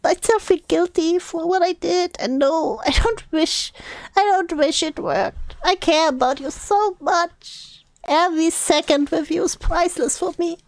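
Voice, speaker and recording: A woman's voice: very high-pitched, measured pace, no room sound. A woman voicing a clingy, apologetic young man, reading his messages in a mock plaintive whine. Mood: pleading.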